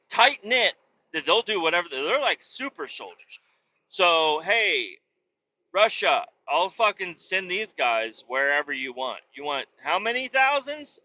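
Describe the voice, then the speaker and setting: Rambling, swearing man with a bright voice. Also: a little high, muffled recording. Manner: rambling, heavy swearing, filler words. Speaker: podcast host. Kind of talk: comedic political rant.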